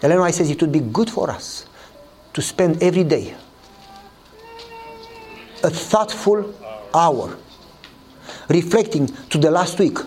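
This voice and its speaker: A man preaching a sermon, telling a story and acting out the dialogue with lively voices. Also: measured pace, pauses often. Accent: Eastern European. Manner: animated storytelling, acts out dialogue in a higher voice.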